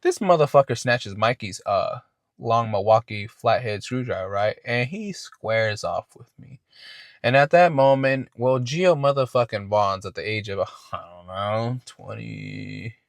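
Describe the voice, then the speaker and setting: A podcast host spins a casual, profane story in a low voice. He wanders and restarts his words often. The sound is dry and close, with no room echo. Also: animated, measured pace, creaky.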